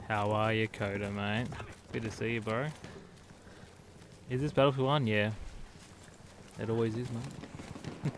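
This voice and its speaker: Lowish and flat in delivery, a man streams a shooter game at a measured pace with long pauses, chatting casually to his chat and calling viewers mate. Loud in-game gunfire and vehicles run behind his voice, with slight background noise as well.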